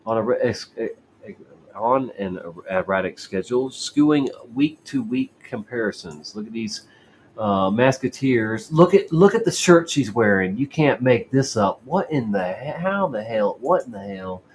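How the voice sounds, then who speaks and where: A man's voice: mid-range voice, animated, unhurried, a little hiss or hum. A man hosting a show, casually reading news articles aloud with sarcastic asides and often stumbling over words. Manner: stumbling, repeats and restarts words while reading. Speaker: show host.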